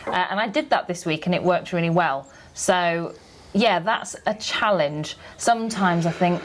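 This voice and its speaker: Chatty young Englishwoman, low-pitched. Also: moderate pace, slight background noise. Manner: chatty, trails off and restarts, laughs often. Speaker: guest, vlogger. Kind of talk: casual chat.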